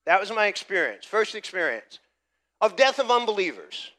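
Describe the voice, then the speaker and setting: A middle-aged American man delivers a sermon through a personal story. His voice sits slightly high and rings bright and forceful. He moves between quiet recollection and loud, emphatic preaching. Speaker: pastor.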